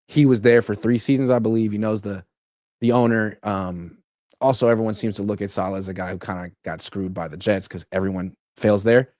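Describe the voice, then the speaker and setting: Wry sarcastic sports host, low voice. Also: male voice, steady tone, fairly quick, a little mellow, no echo, clean studio sound. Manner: sarcastic, mock-quoting, wry. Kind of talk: casual sports talk.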